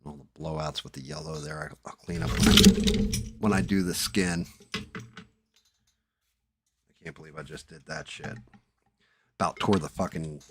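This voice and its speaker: In a very noisy recording, a man with an extremely low, steady voice talks at normal speed but pauses often. He's live streaming while painting at his hobby desk, chatting through a headset, cursing, and muttering to himself.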